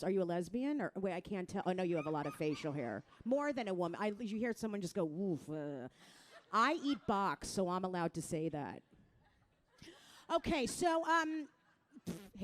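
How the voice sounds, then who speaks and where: A middle-aged woman from New Jersey doing a crude, self-mocking stand-up set, talking straight to the crowd and jumping into loud mock voices. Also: lowish voice. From New Jersey, USA. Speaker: stand-up comedian.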